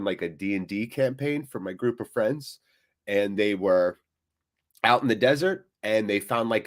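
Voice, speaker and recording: A man hosting a live football watchalong stream, chatting casually with viewers in a rambling, jokey way. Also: lowish voice.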